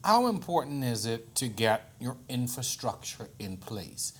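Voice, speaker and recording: A man's voice: medium pitch, big pitch swings, a little slow, fairly bright tone, breathy edge. A man hosting an interview, asking conversational, probing questions. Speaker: show host.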